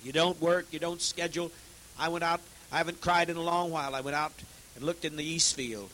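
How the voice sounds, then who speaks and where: A man preaching to a congregation, swinging between loud, forceful outbursts and hushed, heavy tones, repeating phrases to exhort his listeners. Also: on the high side, steady tone, brisk, slight background noise, low-quality recording. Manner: repetitive, exhorting. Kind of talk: impassioned sermon.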